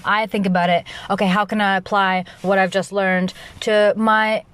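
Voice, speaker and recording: Young woman, podcast host, casual solo monologue, loud and animated, rambling, middle pitch. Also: normal speed, smooth. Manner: rambling, restarts often, laughs at herself.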